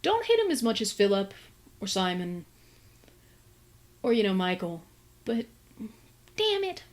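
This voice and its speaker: A woman's voice: mid-range voice, sing-song, measured pace. A woman book reviewer giving a casual, chatty plot recap with exasperated asides.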